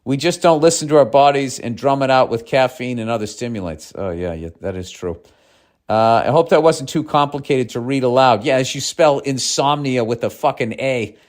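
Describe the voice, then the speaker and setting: A man's voice: medium pitch, moderate pace. Profane, ranting man hosting a podcast. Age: 50s. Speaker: podcast host. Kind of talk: casual monologue reading listener mail.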